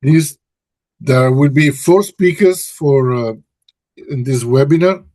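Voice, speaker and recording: A man's voice: mid-range voice, slow, darkish tone, no echo. A man hosting a research webinar, speaking hesitantly and often correcting himself. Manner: hesitant, frequent restarts and self-corrections. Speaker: webinar host and research director. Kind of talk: presenting a webinar. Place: office in Brussels.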